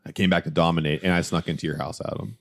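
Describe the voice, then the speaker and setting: A man on a podcast as a guest, joking in a mock-boastful, deadpan way during casual chat. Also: low voice, racing, no echo, studio quality.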